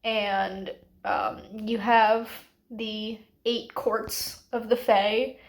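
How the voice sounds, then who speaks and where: A woman's voice: mid-range voice, steady tone, extremely slow. A woman in her late twenties talking casually to camera in a rambling, self-deprecating book vlog. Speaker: book vlogger.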